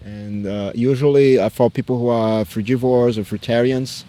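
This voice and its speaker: A man hosting a casual chat, relaxed, backing up the talk with brief laughs and affirmations. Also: mid-range voice, moderate pace, no echo.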